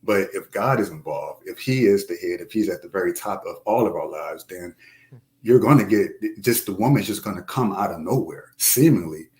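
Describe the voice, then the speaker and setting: Low-voiced man talking earnestly. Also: lively intonation, normal speed, a little mellow. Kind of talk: casual chat.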